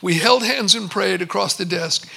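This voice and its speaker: Pastor guy preaching, really high voice with a gravelly edge, tells stories and does little quotes. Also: moderate pace, bright, forceful tone. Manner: storytelling, acts out servants and a visitor in quotes. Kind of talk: sermon.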